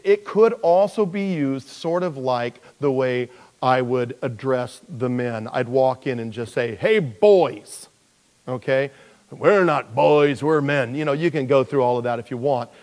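Man preaching in a reverberant hall. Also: darkish tone. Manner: conversational, with frequent restarts and jokey high-pitched character voices. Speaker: pastor. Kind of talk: sermon.

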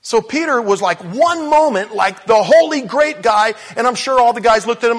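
A man's voice: very high voice, expressive, normal speed, few pauses, fairly bright tone. A man preaching a conversational sermon, telling the story informally with asides and acting out the quotes.

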